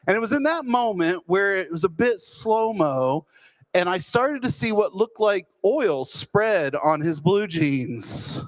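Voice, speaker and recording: A man from Texas, telling a humorous personal story with self-deprecating, deadpan timing. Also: high voice, takes it slowly. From Fort Worth, Texas.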